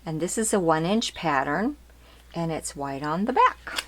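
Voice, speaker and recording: A woman's voice: deep voice, big pitch swings, a little slow, noisy background. A woman hosting her craft channel, chatting casually as she shows ribbons one by one and keeps asking if they're cute. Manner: chatty, repeats details, asks "aren't they cute?". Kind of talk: casual product show-and-tell.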